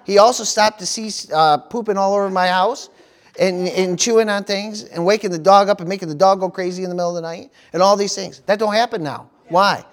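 A middle-aged American pastor preaches a sermon, sprinkling "praise the Lord" and "amen" throughout. His voice sits high and moves at a fairly quick pace.

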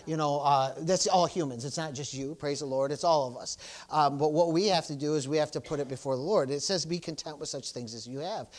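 A man preaching a sermon at a church service, repeating "praise the Lord" and "amen" and moving between loud exclamations and quiet asides. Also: on the high side, brisk.

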